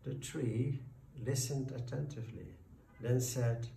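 A man narrating a folk tale in a slow, deliberate storytelling voice. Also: mid-range voice, creaky, warm tone. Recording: roomy, distant, faint background noise.

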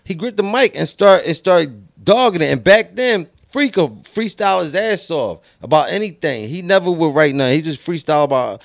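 A man with a Philly accent tells old stories in a relaxed, swearing podcast chat. His voice sits a bit high with a gravelly edge. The recording is dry and close. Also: normal speed, hardly any pauses, dry recording. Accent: Philadelphia. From Philadelphia. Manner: laid-back, swears freely, acts out quoted friends. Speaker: podcast guest. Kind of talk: casual storytelling.

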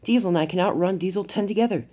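Thomas, a narrator putting on a high fretful little engine. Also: rapid-fire, a little mellow, close to an everyday voice. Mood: anxious. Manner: fretful, exclaims easily. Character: small anxious young male tank engine. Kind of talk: toy train fan-film voice acting.

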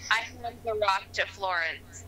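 A woman's voice: mid-range voice, measured pace, sharp tone, poor audio. A woman playing a tabletop game, asking the game master direct, decisive questions. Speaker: player.

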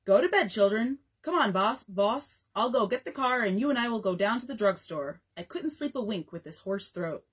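A man's voice: high-pitched, expressive, normal speed, few pauses, breathy edge. A woman voicing a fussy, bossy father of twelve who teases and grumbles. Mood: mock-grumbling. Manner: blustery and teasing.

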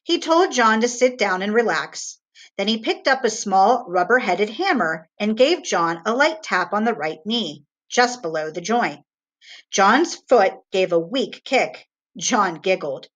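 Woman teacher, read-aloud of a children's novel, animated and expressive. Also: mid-range voice, unhurried.

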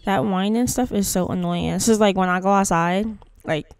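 Smooth-voiced woman chatting over gameplay. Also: mid-range voice, normal speed, a little mellow, dry recording. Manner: chatty and playful, with slangy asides. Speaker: gaming channel host. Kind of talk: casual gameplay commentary.

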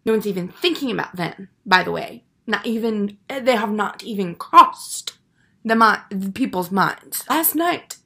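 A man's voice: high voice, animated, unhurried, creaky, bright, forceful tone, exaggerated voice. A man playing a vain, self-absorbed young woman in a comedy monologue, rambling and self-pitying with garbled grammar. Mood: oblivious, aggrieved.

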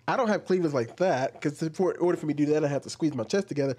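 A man's voice: fairly high pitch, expressive, fast, mellow, slightly rough. A man commentating on video clips, arguing his point and climbing into heated rants. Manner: argumentative, rising into heated ranting.

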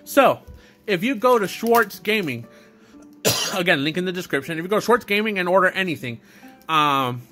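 A young man chatting unscripted to his camera, his bright, forward voice sitting a little high for a man. He rambles along, stumbling over restarts and fillers, and faint music plays underneath. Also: lively intonation, normal speed, long pauses. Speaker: YouTuber doing an unboxing video. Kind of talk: unscripted casual vlog talk.

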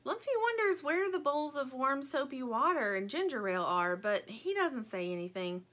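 A woman narrating a children's book in an expressive, playful storytelling manner. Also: high-pitched, moderate pace. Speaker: audiobook narrator.

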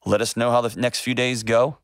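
A man's voice: medium pitch, level tone, a little fast, dry recording. Male call-in host, emphatic and earnest, repeats lines for weight, dry close sound. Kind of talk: call-in advice talk.

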